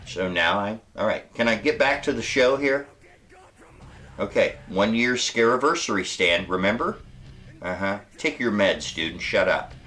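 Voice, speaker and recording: A man's voice: fairly low pitch, fairly bright tone. A man hosting a comedic horror film show, sarcastic and rambling, bickering with an off-mic sidekick. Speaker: host.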